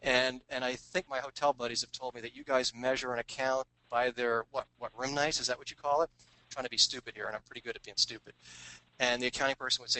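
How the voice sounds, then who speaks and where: A man, the author of a sales book, telling stories of his sales tricks in a lively way and acting out phone calls in put-on voices. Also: mid-range voice, fast, no echo, low-quality recording. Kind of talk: storytelling business talk.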